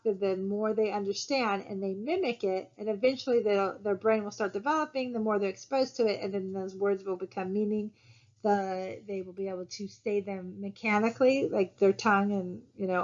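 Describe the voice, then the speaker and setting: A woman giving a recorded college lecture in a casual, conversational way, with frequent fillers and "right?" tag questions. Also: mid-range voice. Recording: dull lo-fi recording.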